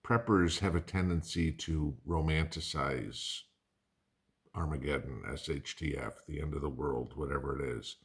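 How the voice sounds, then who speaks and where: A man's voice: extremely low pitch, measured pace. A middle-aged man hosting a prepping channel, talking casually to camera in a conversational, rambling way with folksy asides.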